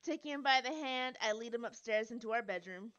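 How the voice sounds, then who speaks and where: A woman's voice: on the high side, fairly quick, fairly bright tone, highs cut off. A woman streamer reading a story game aloud, with chatty, giggly asides between narration.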